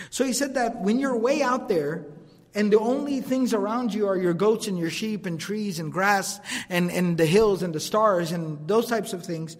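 A man giving a religious lecture, quick and animated, mixing recited scripture with casual asides. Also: high-pitched. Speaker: preacher teaching a lecture series. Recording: long hall reverb.

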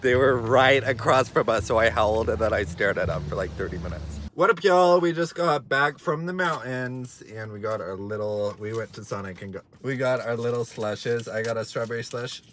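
A young man, chatting excitedly and giggling as he vlogs into a handheld phone outdoors on a ski lift at night. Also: mid-range voice, normal speed, hardly any pauses. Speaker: vlogger. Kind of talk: casual vlog. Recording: noisy outdoor phone recording.

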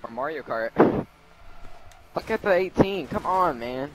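A man's voice: a little high, expressive, unhurried, a little hiss or hum, poor audio. A man in an online game voice chat, grumbling about other drivers. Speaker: player in voice chat.

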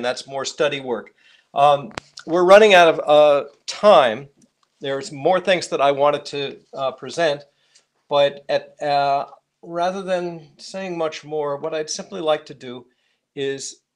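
Hesitant male music teacher. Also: on the high side. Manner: hesitant, gropes for words, many restarts. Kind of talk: live online class.

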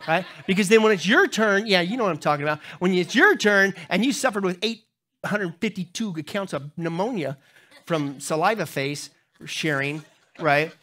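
A middle-aged man preaching a sermon as pastor, telling funny stories to the congregation and jumping into high voices when he acts out other people. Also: normal speed. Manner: humorous storytelling, talks to the crowd; animated, jumps into high squeaky voices when acting out others.

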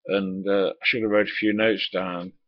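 A man's voice: low voice, flat delivery, moderate pace, no room sound. A man, a former truck driver, tells a rambling anecdote, swearing casually and filling it with uhs and asides. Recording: dull lo-fi recording.

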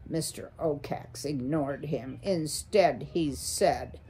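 A woman slowly reading a children's chapter book aloud to listeners. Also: on the low side, darkish tone, slightly rough. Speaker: storyteller.

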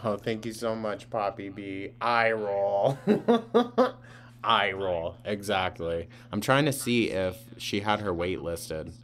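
Slow, low-voiced man mocking a clip. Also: expressive, a bit bright. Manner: blunt and mocking, swears freely. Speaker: live-stream reaction host. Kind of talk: casual live reaction commentary.

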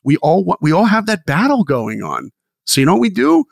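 An animated man telling motivational stories to a podcast host, his voice swinging widely in pitch. It carries a gravelly edge. The sound is close and dry, with no room around it. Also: a little fast, dry recording. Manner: animated and enthusiastic. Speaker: podcast guest. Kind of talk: motivational storytelling.

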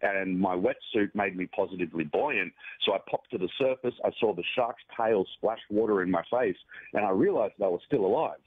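A man calmly recounting a survival story in a measured, matter-of-fact way. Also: lowish voice, husky, dry recording. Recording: tinny phone-like dry audio.

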